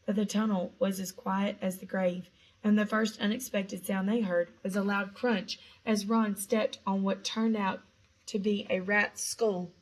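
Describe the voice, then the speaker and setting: A woman reading a storybook aloud in a hushed, suspenseful manner, now and then correcting small slips. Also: medium pitch, level tone, a little slow, poor audio. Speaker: audiobook reader. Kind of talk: storybook narration.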